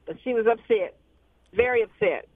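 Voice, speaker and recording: A woman's voice: a little high, normal speed, husky, no room sound. A woman calling a radio show, chatty and indignant. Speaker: caller. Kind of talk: call-in radio chat. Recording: tinny phone line.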